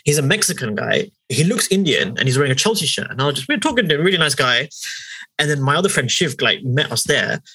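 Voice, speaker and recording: A young man with a London accent talks fast and loose, swearing and acting out other people's voices as he tells stories. His voice is a little husky, with a middling pitch. The recording is close and dry. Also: no echo, poor audio. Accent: London English. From England. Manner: animated, swearing, acts out voices in quotes. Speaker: podcast co-host. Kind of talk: casual storytelling chat.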